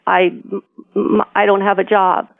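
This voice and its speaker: A woman's voice: mid-range voice, little pitch movement, measured pace, vocal fry, dry recording. Upset older woman on a tinny phone line. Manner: upset, indignant, stammering. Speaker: prank call target. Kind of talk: phone call.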